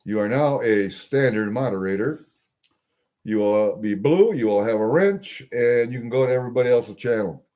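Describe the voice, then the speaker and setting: A man's voice: mid-range voice, animated, normal speed, warm tone. An older man casually chatting on a live stream while opening packages at his desk, rambling and greeting viewers as he goes. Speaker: livestream host opening packages. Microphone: webcam on desk.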